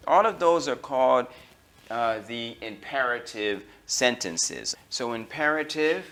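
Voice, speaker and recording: An American man teaching an English grammar lesson, slowing down on key terms and filling pauses with okay and all right. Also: mid-range voice, expressive, fairly bright tone. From United States. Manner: slows down to stress key terms.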